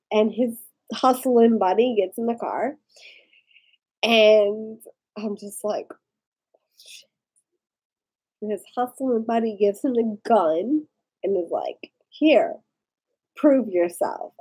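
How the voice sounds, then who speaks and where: A woman's voice: on the high side, dark tone, husky. A woman vlogger, drunk and rambling through a story, full of "like". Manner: rambling, lots of "like". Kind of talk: tipsy casual storytelling.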